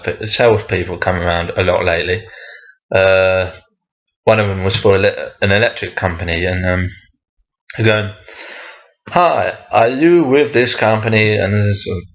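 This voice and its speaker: A man's voice: low voice, dull audio. A young man hosting a casual solo podcast, rambling and hesitant, and swearing when he gets worked up. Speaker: podcast host.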